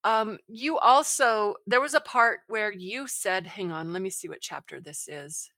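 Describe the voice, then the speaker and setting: A woman hosting an online book club over a video call, effusive and quick to read passages aloud. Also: medium pitch, pushed and bright, dry recording. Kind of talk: casual online meetup chat.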